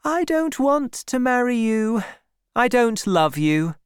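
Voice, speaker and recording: A reader, likely a man, voicing a proud young woman farmer in a raised, lighter voice, speaking slowly and firmly. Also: very high-pitched, big pitch swings, clean tone, dry recording, clean studio sound, pitched above the performer's own voice, heavily acted. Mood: firm refusal. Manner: firm, slow and deliberate.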